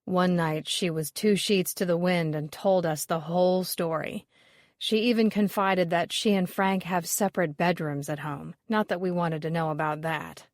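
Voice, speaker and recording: A woman reading the part of a gossipy man appraiser, lowering her voice a little and keeping it easygoing. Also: fairly even intonation, normal speed, no room sound, clean studio sound, lightly acted.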